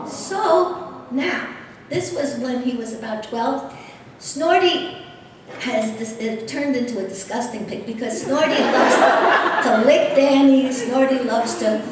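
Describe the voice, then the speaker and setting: Animated woman speaking in an echoing hall. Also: on the high side. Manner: lively, animated storytelling with laughter. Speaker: guest speaker. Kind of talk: personal storytelling speech. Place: large convention hall. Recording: echoey hall heard from far off.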